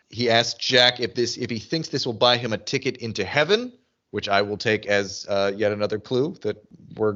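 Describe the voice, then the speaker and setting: Chatty man recapping, lo-fi sound. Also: on the low side. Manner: animated, lots of restarts and "like". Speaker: podcast co-host. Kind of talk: casual chat recapping a TV episode.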